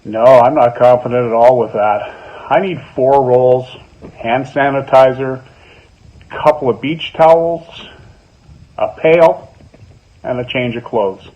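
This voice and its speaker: An older man answering a question with a deadpan joke. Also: medium pitch, takes it slowly, pauses often. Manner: deadpan joking. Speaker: detecting buddy. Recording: dull distant clip.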